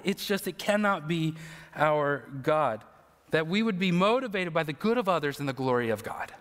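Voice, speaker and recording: A male pastor preaching an earnest, emotional sermon with slow, emphatic phrases. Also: high voice, a bit bright, big-room sound.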